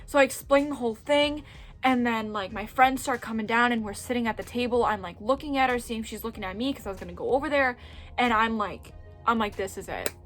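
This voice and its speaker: A chatty young woman with a fairly high voice tells a story straight to camera, animated and loose, swearing as she goes. She acts out what everyone said, and soft music plays faintly underneath. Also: quick pace. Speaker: vlogger. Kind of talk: casual storytelling.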